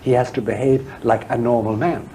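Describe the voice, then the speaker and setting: A man's voice: medium pitch, steady tone, normal speed, dark tone, slight background noise, low-quality recording. A man speaking as an interview guest, a historian and theologian, talking frankly and emphatically, repeating words when he presses a point. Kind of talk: frank, discursive interview talk.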